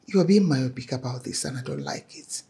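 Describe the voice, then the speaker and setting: A woman's voice: extremely low pitch, expressive, a little fast, gravelly, mellow, breathy edge, exaggerated voice. A middle-aged Nigerian woman playing a stern, domineering mother who lectures in formal language. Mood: lecturing. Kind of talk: Nollywood drama acting.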